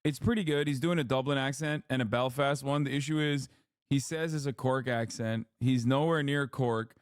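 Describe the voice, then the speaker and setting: A man's voice: medium pitch, moderate pace, clean tone, no echo, studio quality. A man streaming and reacting to clips, talking casually and bluntly, swearing and joking. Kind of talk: casual commentary.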